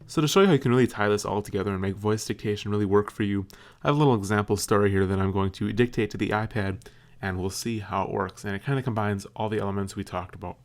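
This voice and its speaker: A young man casually explaining a tutorial step by step, slowing down when he dictates punctuation aloud. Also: lowish voice. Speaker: tech video host. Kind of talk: screen tutorial with dictation demo.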